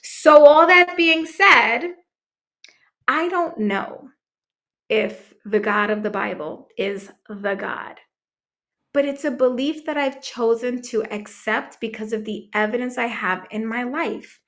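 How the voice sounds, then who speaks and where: A woman in her thirties, a podcast guest, telling a personal story emphatically, with dramatic pauses. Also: fairly high pitch, fairly bright tone. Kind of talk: storytelling in a conversation.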